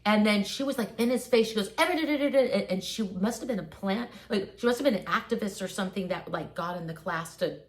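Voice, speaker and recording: A woman's voice: mid-range voice, fast, hardly any pauses. Casting note: woman, guest on a casual talk stream, loose storyteller who circles back and restarts often. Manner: rambling storyteller, many likes and restarts. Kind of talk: casual chat.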